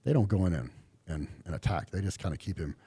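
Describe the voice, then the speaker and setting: A man's voice: deep voice, expressive, fast, warm tone, breathy edge, no echo. A middle-aged man from Texas, a podcast guest talking casually with a laid-back drawl and lots of fillers. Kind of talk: casual interview chat.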